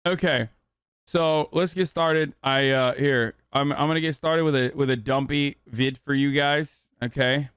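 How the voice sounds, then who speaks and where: Male streamer, 30s, rambling and sarcastic, bright clear voice on a dry close mic. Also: mid-range voice, fairly even intonation, unhurried, dry recording. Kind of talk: casual livestream commentary.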